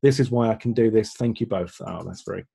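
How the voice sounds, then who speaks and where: A man's voice: lowish voice, fast talker, gravelly, warm tone, breathy edge. A man co-hosting a live online Q&A, reading out viewer comments and laughing easily. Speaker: webinar co-host. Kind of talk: live Q&A chat.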